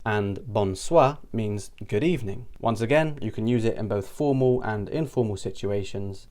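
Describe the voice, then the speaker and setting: A man giving an upbeat, clearly paced online language lesson. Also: lowish voice, darkish tone. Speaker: language teacher.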